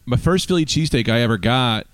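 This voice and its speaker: A man from North Jersey tells a story with a lively voice that swings up and down. The sound is dry and close. He swears freely and keeps it casual. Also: medium pitch, quick pace, clear, resonant tone, no room sound. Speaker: podcast guest. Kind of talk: casual chat.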